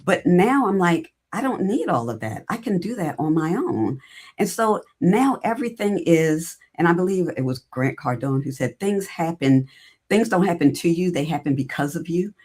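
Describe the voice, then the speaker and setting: A woman's voice: fairly low pitch, normal speed, husky. A middle-aged woman, a guest on an interview show, telling her career story in a casual way and acting out her own past conversations. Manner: animated, acts out her own past dialogue. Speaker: podcast guest, recruiting entrepreneur.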